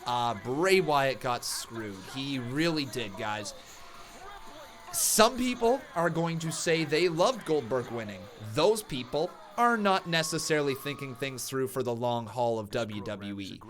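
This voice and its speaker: A man hosting a wrestling live stream, giving excitable, ranting reactions and talking straight to his chat. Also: mid-range voice, measured pace.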